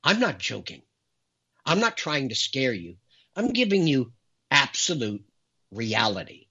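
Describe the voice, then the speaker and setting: Guy ranting on his talk show, bright lively voice, kinda muffled lo-fi sound. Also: mid-range voice, unhurried, husky. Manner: emphatic, dramatic, insistent. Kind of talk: impassioned monologue. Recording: dull lo-fi recording.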